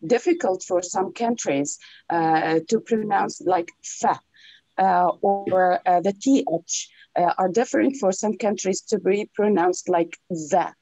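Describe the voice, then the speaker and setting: Woman student, husky mellow voice, hesitant with fillers, dry close sound, video call. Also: mid-range voice, slow pace, no echo, rough recording. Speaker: student asking a question. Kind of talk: online class question.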